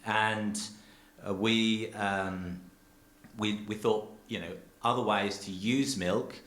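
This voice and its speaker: A dairy farmer and cheesemaker giving an earnest, rambling public talk full of restarts, speaking from a theatre stage. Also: male voice, fairly low pitch, steady tone, takes it slowly, fairly bright tone, roomy sound.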